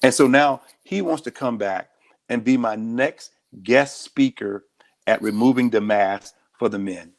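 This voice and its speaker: Guy, sheriff being interviewed, blunt and earnest, mid-pitched voice. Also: a little slow. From United States. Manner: direct, earnest storytelling. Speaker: county sheriff, guest. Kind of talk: candid interview talk.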